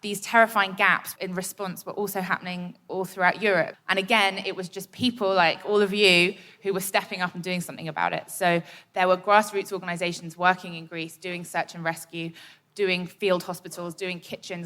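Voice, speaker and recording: Woman, charity founder, live stage, lower voice, measured, informative, sincere. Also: sharp tone. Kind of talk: onstage talk. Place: live theatre stage before an audience.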